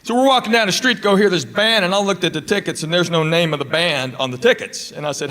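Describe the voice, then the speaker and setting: A man's voice: high-pitched, fast talker, few pauses. A man from Tennessee with a Southern drawl, doing a stand-up comedy set and acting out the dialogue in his stories. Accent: Southern US (East Tennessee). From Tennessee, USA. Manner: folksy drawling storyteller, acts out dialogue. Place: comedy club stage with live audience. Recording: live club recording, loud audience laughter and room noise.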